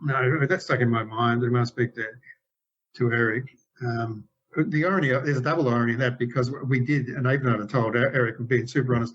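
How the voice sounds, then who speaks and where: Man, 60s, interview guest, rambling storyteller with many restarts, middling pitch, dull video-call audio. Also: fairly even intonation, brisk, fairly bright tone. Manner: rambling, frequent restarts and self-corrections. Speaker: game developer guest.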